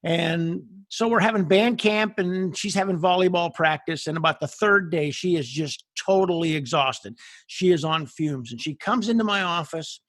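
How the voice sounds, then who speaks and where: A man hosting an interview, a former band director who tells animated stories and acts out the voices in them. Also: fairly high pitch, moderate pace, no echo, studio quality. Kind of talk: casual interview and storytelling.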